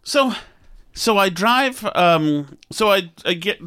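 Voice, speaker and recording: Animated man telling a story. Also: high voice, takes it slowly, smooth. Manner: animated, acting out quotes, self-deprecating. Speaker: podcast host. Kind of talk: casual storytelling.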